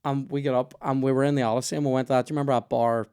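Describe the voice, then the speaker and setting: A young Belfast man chatting on his podcast, full of swearing and loose, rambling stories. His voice is smooth and resonant, with a pitch in the middle of the range. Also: flat delivery, very fast, darkish tone. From Northern Ireland. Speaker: podcast host. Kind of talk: casual chat.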